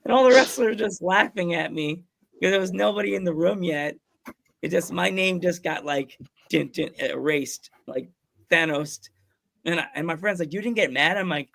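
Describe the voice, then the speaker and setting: A man hosting a wrestling podcast, telling stories in a casual, excitable way, often stumbling over his words and laughing. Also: high-pitched, moderate pace, gravelly. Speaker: podcast host. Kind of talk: casual chat, storytelling.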